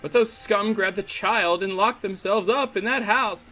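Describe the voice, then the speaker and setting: A man voicing a loud, gossipy middle-aged townswoman in a game, in a put-on accent that wavers between styles. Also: high-pitched, voice pushed up, heavily acted. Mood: indignant gossip. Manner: unsure mixed accent, drawn-out. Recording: faint music underneath.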